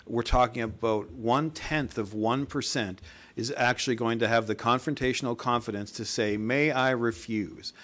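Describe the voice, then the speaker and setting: A man's voice: mid-range voice, a bit bright. A man at a council meeting, assertive and making his case firmly. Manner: assertive, argues a point with repeated quotes.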